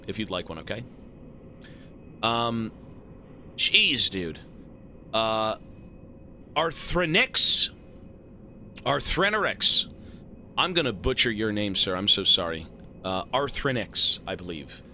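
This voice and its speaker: Very bright, lively male streamer. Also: medium pitch, a little hiss or hum. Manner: animated, profane, joking banter with chat. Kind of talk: live stream chat, thanking donors.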